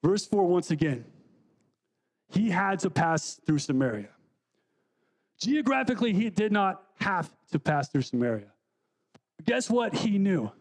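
A man's voice: sits high, sing-song, a little slow, long pauses. A man preaching a sermon in a church, talking conversationally and asking the congregation questions. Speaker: guest preacher. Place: church sanctuary.

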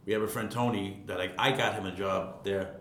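A man's voice: fairly even intonation, fairly quick, fairly bright tone. A man around sixty from Queens, telling stories casually as an interview guest, rambling and repeating words. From Queens, New York. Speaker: guest, retired ironworker. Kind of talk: casual storytelling. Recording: echoey room, faint rumble.

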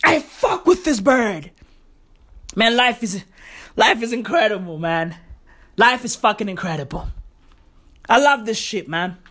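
A woman's voice: on the high side, animated, a little slow, long pauses, fairly bright tone. A woman in a casual monologue, boastful and profane, who keeps repeating the same catchphrases. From South Africa. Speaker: vlogger.

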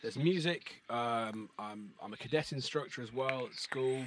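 A man's voice: medium pitch, background noise. A man in his thirties, a beatboxer and English teacher, chatting casually on a podcast in a hesitant way with many restarts. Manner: hesitant, many restarts, reads poetry slowly and measured.

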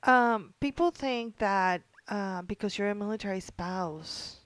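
A woman's voice: mid-range voice, measured pace, a bit bright, no room sound. A middle-aged woman earnestly telling a story in casual conversation, emotional at times, with many ums and restarts. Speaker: organizer of a military spouse program.

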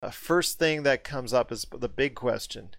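A man hosting a casual movie chat, getting animated and rising in pitch when something puzzles him. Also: moderate pace, creaky, no echo. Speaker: podcast host.

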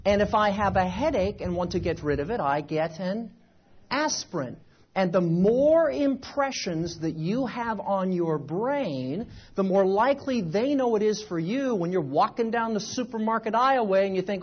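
A man from the United States giving an animated seminar talk to a live audience, with repeated phrases and rhetorical questions. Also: sits high, normal speed, muffled recording. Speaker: seminar speaker. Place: event room with a live audience.

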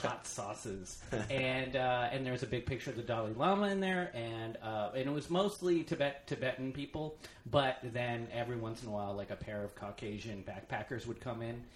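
A man's voice: medium pitch, moderate pace, a little hiss or hum. A man hosting a casual podcast chat, rambling through stories and laughing easily. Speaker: podcast host. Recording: echoey room.

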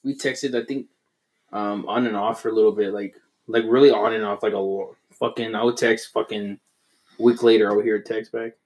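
A man's voice: lowish voice, steady tone, brisk, a little mellow. Rambling, swearing young-sounding man. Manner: rambling, heavy swearing, self-mocking. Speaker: storyteller among friends. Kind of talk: casual chat.

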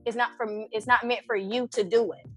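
A woman in her thirties telling a personal story in casual conversation, animated and acting out her own prayers with lots of "you know". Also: fairly high pitch, fairly quick, faint music behind. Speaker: event organizer and guest.

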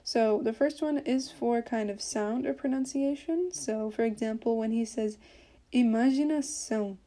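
A woman's voice: fairly high pitch, normal speed, warm tone. A woman hosting a podcast, giving a casual Portuguese lesson with lots of fillers as she explains. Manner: chatty, explains with many fillers. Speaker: podcast host teaching Portuguese.

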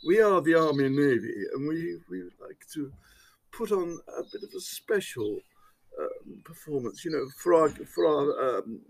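A man's voice: a little high, expressive, moderate pace, vocal fry, dry recording, low-quality recording. A man quoting a prim floor manageress. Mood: reproving. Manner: prim, reproving.

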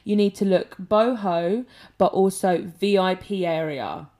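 A woman, co-hosting a podcast and telling stories in a lively, chatty way, laughing as she goes. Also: mid-range voice, unhurried. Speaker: podcast co-host. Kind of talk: casual chat, animated storytelling.

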